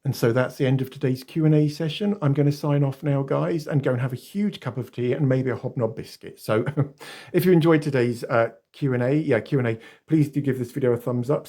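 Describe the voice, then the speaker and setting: Mellow-voiced chatty English man. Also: mid-range voice. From England. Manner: chatty, often calls viewers "guys" and "beautiful ones"; laughs often, self-deprecating. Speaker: YouTuber. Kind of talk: casual vlog Q&A. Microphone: phone.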